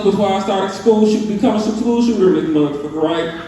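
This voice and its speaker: A young man with a Southern US accent doing a loose, animated stand-up set, asking the crowd questions as he tells stories. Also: extremely high pitch, brisk. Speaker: stand-up comedian. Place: live comedy venue with audience. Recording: echoey, distant room mic.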